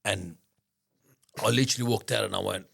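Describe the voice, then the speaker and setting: A man telling a story as a podcast guest in casual, profane talk, excitable and full of restarts. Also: fairly low pitch, a little fast, vocal fry, husky. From Australia. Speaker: podcast guest, business founder.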